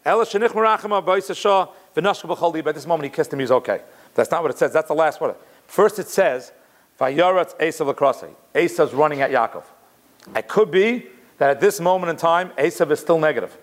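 Guy teaching a torah class, kinda high voice, gets worked up, drops hebrew quotes in. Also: fairly quick. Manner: animated, conversational, mixes Hebrew quotes in.

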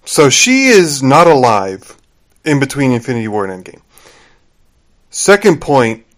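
A man's voice: mid-range voice, big pitch swings, a little slow, fairly bright tone. A man with an ordinary mid-range voice talks on a casual podcast. He keeps cutting in to add his own points and to correct the others. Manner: jumps in to add points and interrupts. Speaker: podcast co-host. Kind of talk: casual chat.

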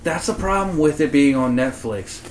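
A man's voice: fairly high pitch, animated, moderate pace, roomy sound, a little hiss or hum, rough recording. A man co-hosting a podcast in casual, profane chat, rambling with fillers and sometimes breaking into mock rants. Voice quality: profane, mock-ranting bursts. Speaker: podcast co-host.

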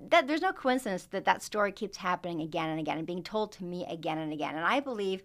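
A woman who is a guest on a podcast, talking in an animated way and laughing easily. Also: on the low side, fast. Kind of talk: casual interview chat.

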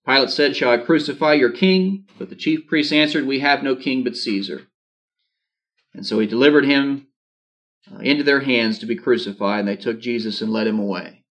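A man's voice: medium pitch, normal speed, a bit bright. A man preaching a sermon, reading scripture aloud and adding informal asides. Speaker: pastor.

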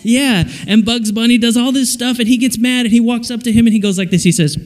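A man giving a playful, animated children's sermon in a camp dining hall, full of jokes and sound effects. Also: very high-pitched, fast, few pauses. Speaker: children's speaker.

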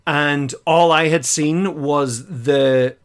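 A slightly high-voiced man talks through an episode in a loose, chatty way, stopping and restarting often and laughing as he goes. He sounds like a podcast co-host reacting to a show for the first time. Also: steady tone, very slow, clean tone. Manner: chatty and hesitant, lots of fillers, laughs as he talks. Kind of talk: casual chat, recapping an episode.

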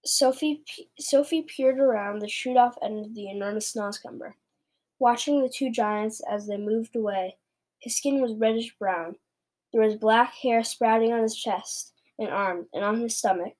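A woman reads a children's chapter book aloud, lively and expressive, with a fairly high voice. Now and then she trips over a word and restarts it. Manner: expressive reading with small stumbles. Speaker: book reader. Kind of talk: reading a children's novel aloud.

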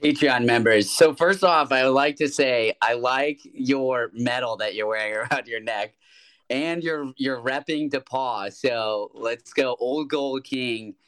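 A man's voice: mid-range voice, unhurried, fairly bright tone. A man joining a casual podcast as a guest, talking in an upbeat, cheering way.

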